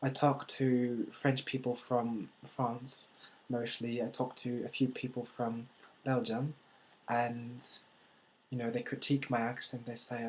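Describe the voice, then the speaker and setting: Flat-voiced American man musing aloud. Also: mid-range voice, slight background noise, poor audio. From United States. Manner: thoughtful, halting, repeats words while thinking. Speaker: language-learning vlogger. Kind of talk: casual vlog monologue.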